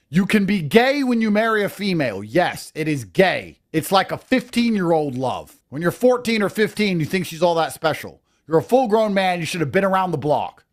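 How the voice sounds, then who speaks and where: A man delivering a crude, lecturing rant as an online commentator. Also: high voice. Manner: mocks others in put-on voices. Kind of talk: profane reaction rant.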